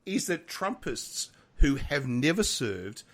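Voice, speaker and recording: A man's voice: mid-range voice, very animated, slow, fairly bright tone. A middle-aged man, co-hosting a casual podcast chat, swearing a lot and ranting heatedly. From Australia. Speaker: podcast co-host.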